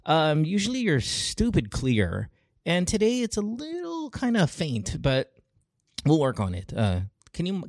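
A man's voice: fairly high pitch, wildly swooping pitch, measured pace, darkish tone, dry recording, clean studio sound. A young man hosting a podcast in casual chat, joking and laughing often. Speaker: podcast host.

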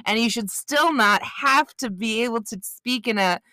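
Giggly, bright-voiced woman podcast co-host. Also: on the high side, moderate pace, no echo. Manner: giggly, blunt and playfully sweary. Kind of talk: casual podcast banter.

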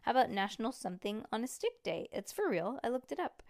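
A woman's voice: a little high, very animated, fast, gravelly, a little mellow. A woman voicing a cheeky little boy who pesters his big sister, in a read-aloud storybook, sounding chirpy. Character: cheeky little boy, pesky younger brother.

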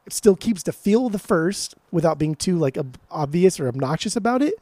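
A man co-hosting a podcast in casual chat, excitable and profane, often repeating words as he gushes. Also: sits high, brisk, dry recording. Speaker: podcast co-host.

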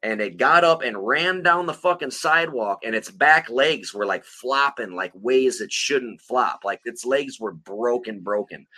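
A man's voice: medium pitch, lively intonation, unhurried, hardly any pauses, sharp tone. A man co-hosting a podcast, telling a long rambling story full of profanity in casual chat. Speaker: podcast co-host.

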